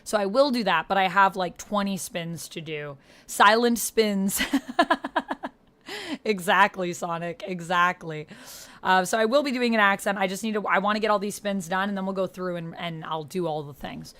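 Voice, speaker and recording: A woman streamer chatting casually on a livestream, effusively thanking viewers with excited outbursts. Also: lowish voice, moderate pace.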